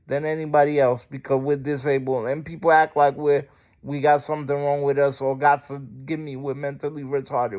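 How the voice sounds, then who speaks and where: A man's voice: fairly high pitch, steady tone, moderate pace, lo-fi sound. A man ranting in a casual vlog, heated, profane and indignant. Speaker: vlogger. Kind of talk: angry casual rant to camera.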